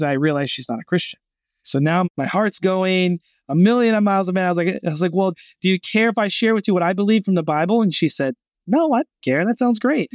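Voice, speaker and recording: Guy on a podcast, lively storytelling, kinda high voice, super dry sound. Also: no echo. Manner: animated storyteller, acts out quoted voices. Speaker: gap year program guest.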